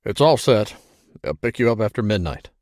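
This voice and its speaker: A man doing a steady American major. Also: lowish voice, normal speed, no room sound, studio quality, close to an everyday voice. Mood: reassuring. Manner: calm, reassuring. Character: American male Marine major, steady and protective.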